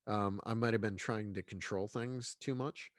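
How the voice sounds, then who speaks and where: A man's voice: on the low side, steady tone, moderate pace, dry recording, clean studio sound. A man talking as a guest in a casual interview, congested, rambling along with many restarts and fillers. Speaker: guest filmmaker.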